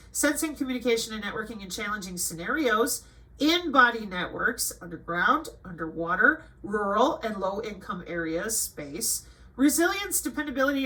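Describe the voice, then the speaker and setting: A woman's voice: on the high side, poor audio. A middle-aged woman hosting her own channel, reading a list of items aloud and breaking off into sarcastic, scolding commentary. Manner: scolding and sarcastic, jumping between flat reading and emphatic outbursts. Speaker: channel host.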